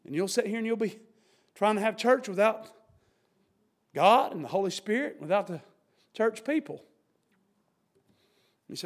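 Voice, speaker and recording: High-voiced preacher. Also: male voice, animated, normal speed, long pauses. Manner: preaching with sudden shouts and mocking quoted voices. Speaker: pastor. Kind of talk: sermon.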